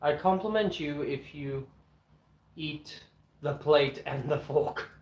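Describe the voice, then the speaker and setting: A man streaming from home with his dogs, chatting casually as he eats, blunt and opinionated, clearing his throat often. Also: fairly high pitch, takes it slowly, a little mellow. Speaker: streamer eating on camera and answering chat. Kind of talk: casual rambling chat and rant. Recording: echoey room.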